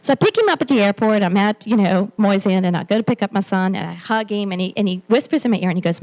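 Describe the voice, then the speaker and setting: A woman's voice: medium pitch, fast talker, few pauses, darkish tone, rough recording. A woman in her forties giving a candid, self-deprecating keynote talk at a conference, with many restarts. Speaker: keynote speaker. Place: conference hall.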